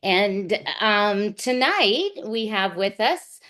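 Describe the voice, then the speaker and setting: A woman's voice: mid-range voice, unhurried. Woman host, live online show; easygoing, chatty delivery with fillers. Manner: chatty, laughs easily, uses fillers. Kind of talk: live show interview hosting.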